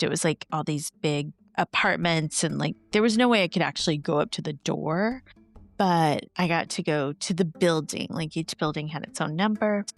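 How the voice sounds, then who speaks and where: A woman hosting a podcast, telling personal stories in a theatrical, self-mocking way with playful asides. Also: fairly low pitch. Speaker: podcast host. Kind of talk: personal storytelling monologue.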